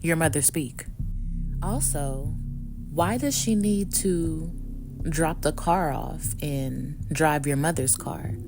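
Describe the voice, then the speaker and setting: Low-voiced woman, blunt commentator. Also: takes it slowly, music in the background. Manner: blunt, exasperated, asks pointed questions. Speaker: true crime commentator. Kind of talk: casual commentary.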